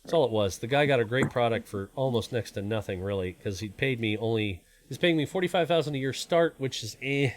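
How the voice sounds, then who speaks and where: A man's voice: mid-range voice, brisk, hardly any pauses, a little hiss or hum. A man in his forties, born in Canada and raised in the US, hosting a live stream in a rambling, self-deprecating, casual way. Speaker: stream host.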